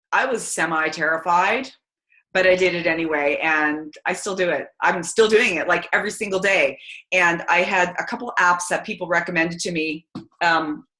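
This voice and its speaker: A chatty, energetic woman, giving a casual motivational talk to her team. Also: fairly low pitch, moderate pace. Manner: chatty and energetic, many fillers. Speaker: team call speaker. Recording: roomy echo.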